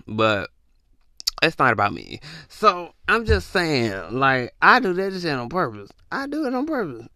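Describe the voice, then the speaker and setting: Animated man ranting close to the mic. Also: measured pace, no echo. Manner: animated, acts out confused texters in jumpy high voices. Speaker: podcast host. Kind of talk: casual comedic rant.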